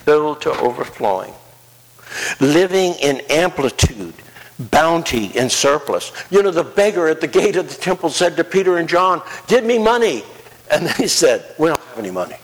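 A male pastor preaching a sermon, swinging between soft, low asides and rising, emphatic declarations. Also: very animated, normal speed. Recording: long hall reverb.

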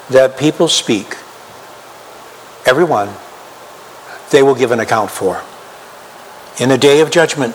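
A man preaching a sermon as pastor, emphatic and slow, asking the congregation rhetorical questions. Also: medium pitch, animated. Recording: long hall reverb, faint room noise.

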